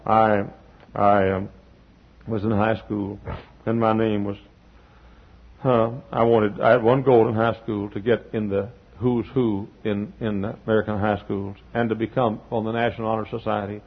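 An older male preacher with a husky, slightly breathy voice, working a sermon in a folksy way. He swells up to near-shouted peaks, then drops to quiet, close asides. The recording is dull and lo-fi, like an old sermon tape. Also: lowish voice, little pitch movement, normal speed. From Texas.

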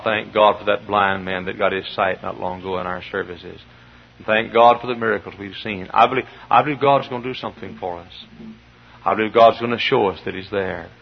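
Fervent preacher man with a gravelly voice. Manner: fervent preaching that swings from low murmurs to shouted peaks. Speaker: pastor. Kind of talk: sermon. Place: church sanctuary. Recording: dull lo-fi sermon recording.

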